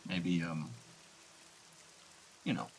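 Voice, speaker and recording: A man playing his character in a tabletop game, calm and measured. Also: low voice, slight background noise, poor audio. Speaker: player. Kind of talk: tabletop role-play.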